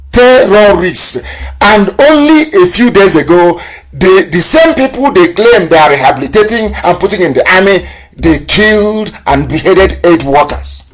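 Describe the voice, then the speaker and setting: A man from Nigeria delivers a live political broadcast with a slightly raised pitch. His oratory is impassioned and scornful, and he hammers points home through repetition. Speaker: broadcast host.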